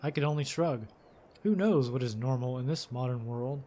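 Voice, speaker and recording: A man's voice: medium pitch, normal speed, mellow, a little hiss or hum. Man, let's play host; casual read-aloud of game text with commentary, some fillers. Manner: casual, with fillers and self-corrections.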